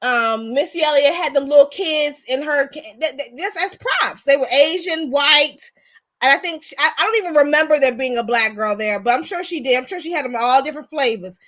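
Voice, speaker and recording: A woman's voice: high-pitched, animated, brisk, fairly bright tone. A woman of Jamaican background hosting a casual show, ranting bluntly with profanity and many restarts. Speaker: podcast host. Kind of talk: casual opinion rant.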